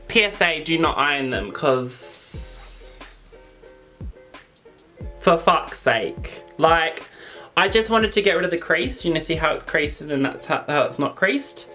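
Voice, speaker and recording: An Australian man chatting excitedly to camera as a makeup vlogger, gushing over products. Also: fairly high pitch. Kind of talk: casual chat to camera.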